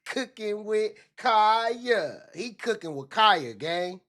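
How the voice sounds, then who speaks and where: Loud, excitable man ranting on a livestream. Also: sits high, slow pace. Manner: animated, repetitive, slips into mock voices. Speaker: livestream commentator. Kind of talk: loose livestream rant.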